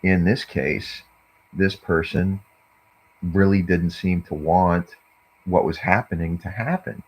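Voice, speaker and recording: Slow, husky, deep-voiced man musing. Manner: meandering, hesitant, lots of fillers. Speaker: vlogger. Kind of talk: rambling monologue. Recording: dull lo-fi recording.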